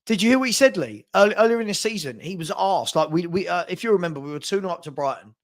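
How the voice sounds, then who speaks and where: Higher-voiced exasperated man. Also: lively intonation, fast talker. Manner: exasperated, emphatic. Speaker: co-host. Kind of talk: casual football chat.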